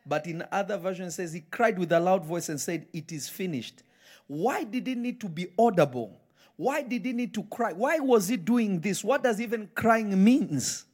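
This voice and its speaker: A man's voice: sits high, lively intonation, normal speed, a little mellow. A man preaching a live sermon in church, emphatic and firing repeated questions at the congregation. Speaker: pastor.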